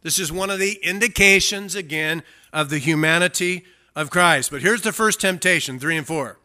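A man's voice: on the high side, normal speed, sharp tone. A male pastor preaching an expository sermon, emphatic and often asking the congregation questions.

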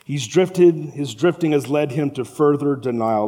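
A man preaching a sermon as a pastor, animated and acting out the voices of the people in the story. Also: fairly high pitch, unhurried. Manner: animated, acts out the quoted voices. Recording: long reverb of a large hall.

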